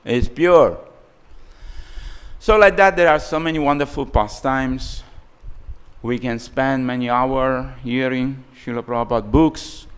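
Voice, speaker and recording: A man's voice: medium pitch, measured pace, smooth. A man giving a scripture lecture in a temple hall, telling stories animatedly in English with non-native grammar. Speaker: preacher.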